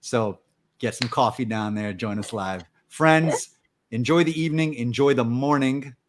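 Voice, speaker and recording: A man's voice: medium pitch, a little slow. Man, podcast host, enthusiastic, effusive thanks, video call. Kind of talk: casual chat.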